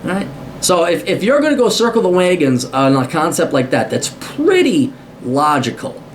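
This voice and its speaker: A video commentator with a somewhat high, sing-song voice rants his opinions straight to camera, unscripted, at normal speed. He's blunt, combative, and sarcastic, curses often, and stammers over repeated words as he restarts sentences, with a faint hiss underneath.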